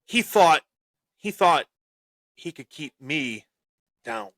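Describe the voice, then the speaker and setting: A man speaks as his wrestling persona on a podcast, boastful and taunting as he recounts old rivalries. His delivery is unhurried and drawn out. The recording is dry and close, with no room sound. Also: on the high side, animated, vocal fry, fairly bright tone, dry recording. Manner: swaggering, taunting, dramatic. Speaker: podcast host. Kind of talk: boastful in-character wrestling storytelling.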